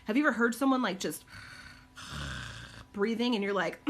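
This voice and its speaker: A woman's voice: expressive, fairly quick, long pauses, fairly bright tone. A middle-aged woman chatting casually on a live stream from her home, answering viewer questions with many ums and likes. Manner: high cooing baby talk to her dogs. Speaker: live-stream host and caregiver mom.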